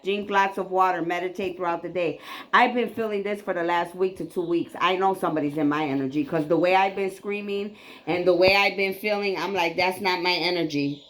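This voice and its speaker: A woman in her late forties giving an emphatic, repetitive spiritual tarot reading, preachy and casually profane. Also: medium pitch. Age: 40s. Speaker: psychic reader.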